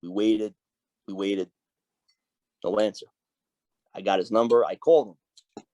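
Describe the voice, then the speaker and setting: A man's voice: fairly low pitch, fairly even intonation, unhurried, warm tone, dry recording. A man, a biker club's sergeant at arms, telling stories as a podcast guest. He swears freely and acts out the dialogue. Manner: profane, vivid storyteller who acts out quoted dialogue. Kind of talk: storytelling in a casual interview.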